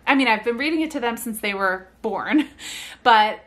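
A woman's voice: a little high, lively intonation, normal speed, fairly bright tone. A young woman who works as a speech therapist, talking parents through activities in a casual, chatty way and breaking into sing-song baby talk for the examples. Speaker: speech-language pathologist.

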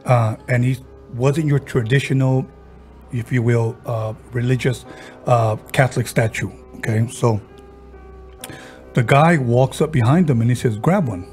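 A male podcast host with a warm, dark voice of medium pitch eases into a casual ghost story, his intonation fairly even. He moves between narrating and quoting his friend, halting, stumbling and restarting with plenty of fillers. Faint music plays in the background.

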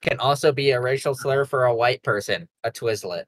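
A young man hosting a podcast, rambling and excitable in crude casual banter, laughing often. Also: medium pitch, a little fast, a little hiss or hum. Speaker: podcast host.

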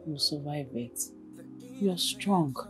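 An actress with a Nigerian accent playing a mother who gently coaxes her crying daughter. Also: low-pitched, expressive, faint music behind. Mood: soothing. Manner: gentle, coaxing, unhurried. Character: soothing mother, middle-aged woman.

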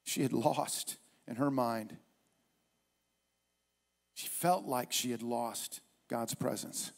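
A man's voice: medium pitch, slow pace. A male pastor preaching a sermon at a church service in an emphatic, repetitive way.

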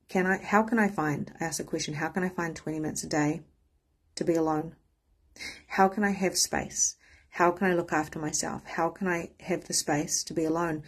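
A woman with a fairly low, husky voice and vocal fry gives a candid, casual motivational talk as a spiritual coach, swearing freely and acting out the voices of the people she quotes.

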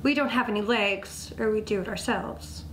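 A woman's voice: mid-range voice, normal speed, a bit bright, natural voice. A woman voicing a pair of gloomy talking rocks, wistful and sing-song. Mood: polite. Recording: echoey room, faint background noise.

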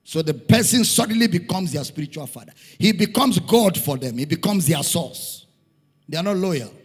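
A man's voice: a little high, animated, normal speed, breathy edge. A middle-aged Nigerian man preaching a sermon in a church hall, emphatic, repeating key lines for stress. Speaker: pastor. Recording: long hall reverb.

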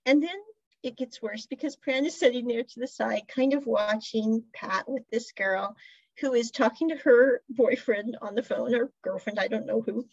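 A woman's voice: a little high, moderate pace, no room sound, dull audio. A woman hosting a podcast, casually recapping a drama in a chatty storytelling way with asides. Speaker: podcast host reviewing a drama series. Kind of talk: casual review monologue.

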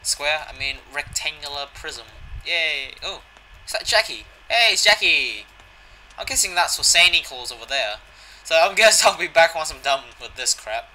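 A man's voice: on the high side, expressive, moderate pace, pushed and bright, rough recording. A young man giving a casual, jokey video game walkthrough, swearing and reading the in-game dialogue aloud. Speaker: gaming channel host.

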